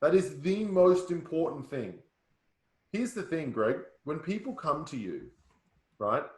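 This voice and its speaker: A man's voice: a little high, sing-song, measured pace, a little mellow. Brief: male sales trainer, punchy, slightly raised voice, roomy sound. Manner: punchy, keeps checking in with listeners. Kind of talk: workshop coaching. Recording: roomy echo.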